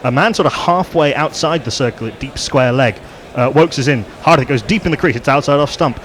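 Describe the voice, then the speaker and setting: A man gives live ball-by-ball cricket commentary for radio, laying out the field placings and each ball in steady detail. His voice sits at a middling pitch. A faint hum of noise runs behind him. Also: a little fast. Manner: steady descriptive play-by-play, rising on big moments.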